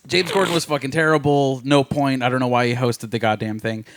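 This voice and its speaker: A man's voice: medium pitch, fairly even intonation, fairly quick, no echo. A man co-hosting a casual podcast, giving blunt opinions with lots of swearing. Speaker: podcast co-host.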